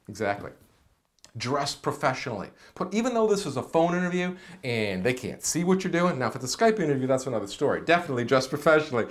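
Energetic man teaching on camera. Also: on the high side. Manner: energetic, animated, direct to camera. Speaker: career coach. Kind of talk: enthusiastic video tutorial. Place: indoors, seated on camera.

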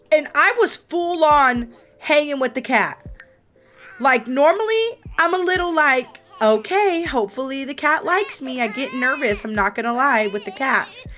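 A woman's voice: high voice, pushed and bright. Bubbly, giggly young woman streamer. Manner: bubbly, giggly, talks to chat. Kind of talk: casual gameplay commentary.

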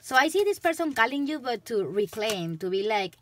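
A woman's voice: fairly high pitch, very animated, fairly quick, hardly any pauses, a bit bright, a little hiss or hum. A woman with a Spanish accent giving a tarot reading to camera, chatting loosely and laughing often. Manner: giggly, chatty, loose rambling. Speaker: tarot reader.

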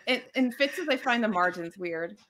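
A woman with an American accent chatting casually about books with friends, teasing and quick to joke. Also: mid-range voice, expressive, over a noisy crowd. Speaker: book chat guest. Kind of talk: casual group book chat.

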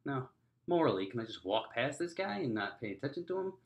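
A man hosting a podcast, telling a comedic story in an animated, exaggerated way, jumping up in pitch and volume for punchlines. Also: a little fast, muffled recording. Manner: animated, exaggerated, rising to near-shouts for punchlines. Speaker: podcast host.

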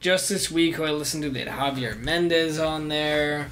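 A man co-hosting a casual sports podcast, blunt and profane, quick to laugh. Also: on the high side, a bit bright, a little hiss or hum. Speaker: podcast co-host.

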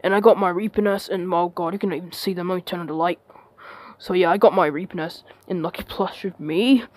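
A woman's voice: lowish voice, brisk, darkish tone, dry recording. A woman reacting to a game trailer at home, gushing and squealing, often dropping to a whisper. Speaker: youtuber. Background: trailer music.

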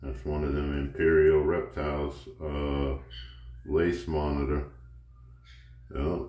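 Man, extremely deep voice, slow easygoing talk, roomy echo, casual pet vlog. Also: flat delivery, warm tone. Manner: coaxing, talks to his pet like a buddy. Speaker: reptile keeper vlogger.

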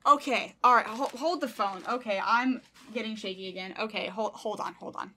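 A woman's voice: a little high, moderate pace, few pauses, sharp tone. A young woman streamer opening fan mail, gushing and squealing with delight and close to tears as she reads letters aloud. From United States. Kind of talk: casual excited unboxing vlog.

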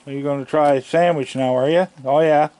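A man's voice: fairly high pitch, fairly even intonation, a little mellow. A man outdoors on his deck, chatting to the raccoons he feeds, filmed on a handheld camera. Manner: slow, gravelly, chatting fondly to raccoons. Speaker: raccoon feeder filming his yard. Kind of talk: casual talk to animals.

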